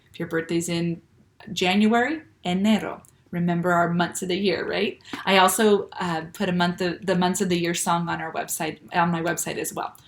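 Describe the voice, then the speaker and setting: Patient woman teaching a kids' lesson. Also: fairly low pitch. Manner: patient, slow and clear, with many "okay?" checks. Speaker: Spanish teacher. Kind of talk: classroom lesson for children.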